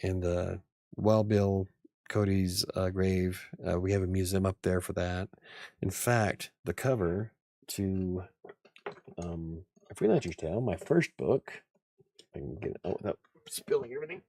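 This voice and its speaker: A man's voice: low voice, a little slow, creaky, warm tone, no echo, studio quality. A man hosting a casual livestream chat, rambling, joking at his own expense and laughing often. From United States. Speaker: livestream host.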